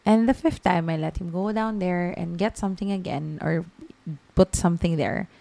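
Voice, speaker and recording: A woman's voice: lowish voice, normal speed, vocal fry, warm tone. A woman in her thirties with a Filipino accent, hosting a podcast and telling a story in a chatty way, with Tagalog words mixed into her English. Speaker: podcast host. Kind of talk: casual storytelling monologue.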